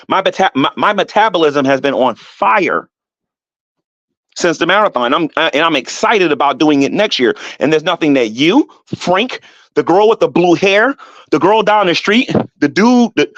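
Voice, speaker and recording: A middle-aged man ranting on his vlog, animated and defensive, repeating himself and climbing higher when heated. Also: no room sound, muffled recording. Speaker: YouTuber. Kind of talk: rambling vlog rant.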